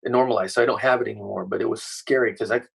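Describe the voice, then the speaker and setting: A man's voice: on the low side, very fast, vocal fry, husky, poor audio. A middle-aged man, a guest on a podcast, telling a story casually with plenty of swearing. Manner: profane, animated storytelling.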